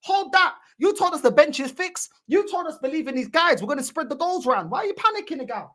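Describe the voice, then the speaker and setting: A woman's voice: high voice, expressive, a little fast, fairly bright tone. A woman hosting a fan channel, giving mocking, heated reaction commentary and repeating her points.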